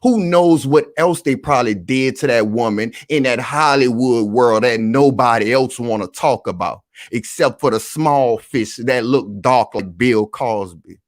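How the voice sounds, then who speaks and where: A man's voice: mid-range voice, a little slow, hardly any pauses, no echo, studio quality. A man hosting a live reaction commentary stream, talking animatedly and addressing his audience directly over and over. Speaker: online commentary host.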